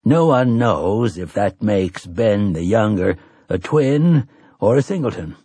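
A man voicing an earnest middle-aged priest who talks quickly and a little pleadingly. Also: fairly low pitch, expressive, dark tone, husky, no room sound, heavily acted.

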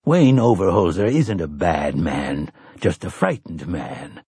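A man voicing an earnest middle-aged priest who talks quickly and a little pleadingly. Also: sits low, expressive, warm tone, breathy edge, no echo, clean studio sound, voice pushed down, exaggerated voice.

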